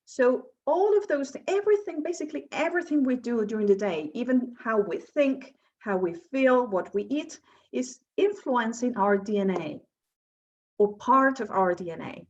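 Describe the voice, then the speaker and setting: A woman's voice: on the high side, lively intonation, normal speed, highs cut off. Woman coach leading a workshop. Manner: asks the audience questions, explanatory. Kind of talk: presenting a workshop talk.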